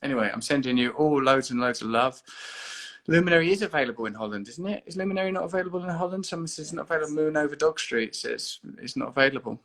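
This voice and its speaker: A man's voice: fairly high pitch, quick pace, a bit bright. A man hosting a casual livestream from home, chatting in a rambling, playful way, speaking into a phone he holds himself. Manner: rambling, playful and earnest by turns. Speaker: livestream host. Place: indoors at home. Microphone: phone held at arm's length.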